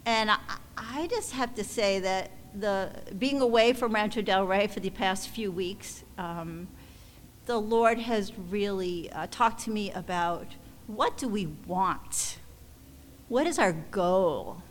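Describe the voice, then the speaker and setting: A woman speaks in a hall with a long reverb and a faint hiss of noise underneath. She talks slowly in a middle register, stopping and restarting as her feelings rise. It sounds like a church testimony from a ministry leader to her supporters. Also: mid-range voice. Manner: halting and emotional, with many restarts.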